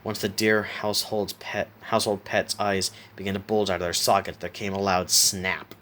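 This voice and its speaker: A man narrating a horror story aloud in a steady reading voice, sometimes stopping to correct a word. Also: low voice, moderate pace, slight background noise.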